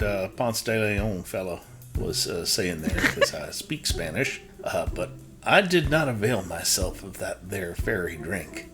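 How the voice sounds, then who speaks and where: Player doing a deep folksy cowboy drawl, lively and a bit off mic, music behind. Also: natural voice. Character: folksy frontier gunslinger Jasper. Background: background music.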